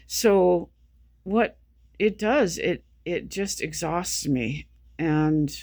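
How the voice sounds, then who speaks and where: Speaking extremely slowly in a medium, slightly mellow voice, this vlogger delivers a casual monologue while worn out, short on sleep and feeling ill. The talk wanders and loops back on itself with many restarted sentences, captured in a dry, studio-quality recording.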